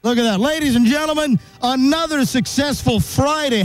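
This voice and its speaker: A man hosting and calling a live stunt outdoors, shouting and laughing breathlessly as he talks. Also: very high-pitched, moderate pace, soft background music, low-quality recording. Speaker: host. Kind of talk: excited live commentary.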